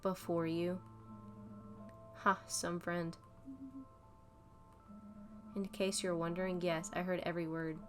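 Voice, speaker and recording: A woman's voice: on the low side, flat delivery, slow pace, pauses often, music in the background. A woman voicing a spiteful teenage girl who talks in a sarcastic, sneering way. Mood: scornful.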